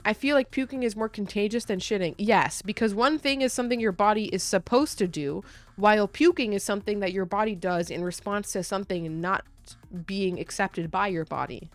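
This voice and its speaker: A woman's voice: medium pitch, brisk, faint music behind. A woman streamer giving casual, crude, joking commentary while she plays a game.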